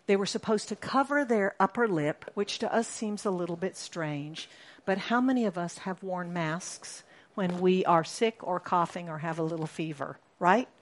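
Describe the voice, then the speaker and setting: Woman, sermon, preacher, slightly low voice, animated, sudden shouted emphasis. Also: moderate pace.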